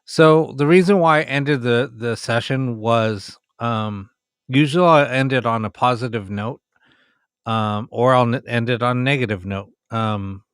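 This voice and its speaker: A man's voice: medium pitch, a bit bright, clean tone, dry recording, studio quality. A man hosting a late-night ghost box livestream, talking casually with many ums and sounding tired.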